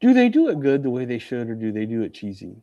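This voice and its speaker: A man's voice: medium pitch, wildly swooping pitch, fast talker, dull audio. A man co-hosting a live comics stream, chatting casually with a playful, teasing, jokey manner. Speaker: podcast co-host. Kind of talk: casual chat.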